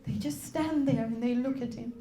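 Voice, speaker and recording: A woman's voice: on the high side, normal speed, mellow, roomy sound. A woman reciting a religious sermon, impassioned and building to tearful intensity. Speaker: majlis reciter. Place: religious gathering hall.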